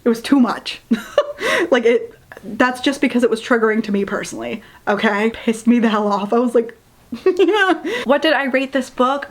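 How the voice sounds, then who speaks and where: A young woman reviewing a book in a casual rant, retelling scenes with sarcastic asides. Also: fairly high pitch.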